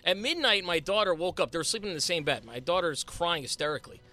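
A man's voice: on the high side, animated, bright, forceful tone. A man co-hosting a radio show, telling a rambling anecdote in casual studio banter. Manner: rambling anecdote with quick restarts.

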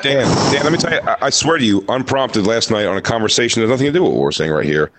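A man's voice: medium pitch, rapid-fire, background noise. A man hosting a comedy talk show, telling stories in a casual chat and acting out bits in silly voices. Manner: animated storytelling, acts out bits in silly voices. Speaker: comedy podcast host.

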